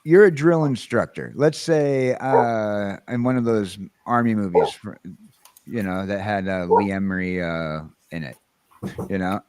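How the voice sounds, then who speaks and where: A man's voice: on the low side, unhurried, darkish tone, clean tone, dry recording. A man hosting a casual livestream chat, rambling with lots of fillers and restarts. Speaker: host.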